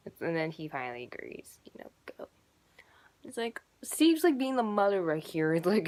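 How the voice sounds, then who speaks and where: A woman's voice: sits low, very animated, normal speed, darkish tone. A young woman in her teens rambling and gushing in a casual fan vlog, full of fillers and asides. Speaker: YouTuber.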